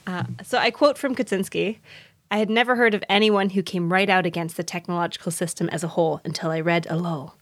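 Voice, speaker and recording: A woman's voice: lowish voice, steady tone, quick pace, dry recording. A woman hosting a podcast, explaining a story in casual chat with frequent laughs. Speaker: podcast host.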